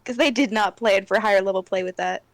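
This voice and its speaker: A woman's voice: medium pitch, quick pace, dry recording. A woman chatting at a tabletop game table as a player, talkative and laughing often. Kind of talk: casual chat at a game table.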